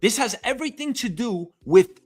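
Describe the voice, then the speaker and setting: Furious, high-pitched man ranting. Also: animated, normal speed, soft background music. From New York City. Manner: angry, profane, emphatic. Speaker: host. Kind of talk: ranting commentary. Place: home.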